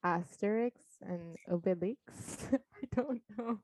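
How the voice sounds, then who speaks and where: A young woman in a loose, casual chat with a friend. She teases in a playful way, and her speech drifts with ums and likes. Her pitch sits in the middle. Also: slow, a little mellow, dry recording.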